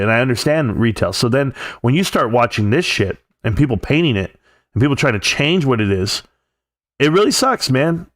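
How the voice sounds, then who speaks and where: In clean, echo-free studio sound, a mid-range male voice with a California accent runs a livestream. His rant is angry, foul-mouthed and rambling, peppered with sarcastic impressions of what other people say.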